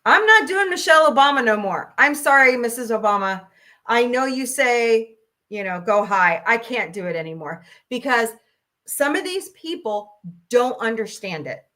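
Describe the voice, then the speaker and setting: A woman's voice: a little high, expressive, moderate pace, bright, forceful tone. A woman in her forties hosting a casual talk stream, ranting bluntly and profanely, laughing often. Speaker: host.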